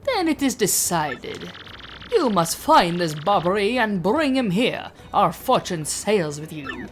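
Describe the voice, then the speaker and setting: A woman's voice: medium pitch, big pitch swings, slow pace. A woman voicing a vain, pompous male ship owner in a grandiose, sing-song manner, over game music.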